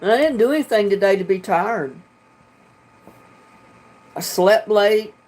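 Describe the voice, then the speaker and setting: A North Carolina woman with a Southern drawl hosts a livestream from home, reading the chat casually and laughing often. Her mid-range voice is animated, a little slow and darkish in tone, picked up by a computer webcam mic.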